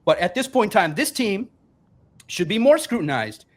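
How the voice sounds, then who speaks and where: With big swings in his high-pitched voice and a moderate pace, a man in his forties holds forth on a casual sports podcast. A couple of beers have left him a bit tipsy, and he's emphatic, rambling and very profane.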